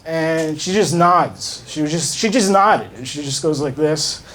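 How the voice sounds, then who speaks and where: Man, stand-up comic, high voice, halting, filler-heavy, comedy club. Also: fairly bright tone. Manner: halting, awkward, lots of filler and restarts. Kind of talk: stand-up set.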